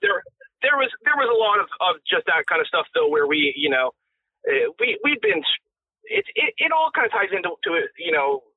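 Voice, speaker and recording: A man, a guest musician, telling stories in a casual interview chat, animated and often laughing, heard over a tinny phone-like line. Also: high voice, moderate pace, slightly rough, no echo.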